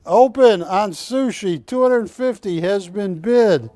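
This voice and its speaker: A man's voice: high voice, takes it slowly, mellow. A middle-aged man hosting a live TV shopping auction, calling bids and joking as he rambles. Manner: chatty, jokey, rambling between bid calls. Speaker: auctioneer host of a shopping show. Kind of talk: live TV auction sales patter.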